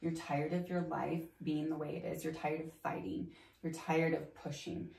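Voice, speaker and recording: Woman guest, chatty and informal, lower voice with fry, recorded a bit far off in an echoey room. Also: flat delivery, normal speed, darkish tone. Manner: chatty, many "like" fillers, acts out her own past thoughts. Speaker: guest, Reiki practitioner. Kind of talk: casual conversational interview. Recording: roomy, slightly distant mic.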